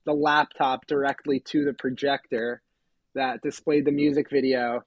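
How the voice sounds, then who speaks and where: A man co-hosting a podcast, telling a story in a casual, animated, self-deprecating way. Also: medium pitch, normal speed, no room sound, highs cut off. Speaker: podcast co-host.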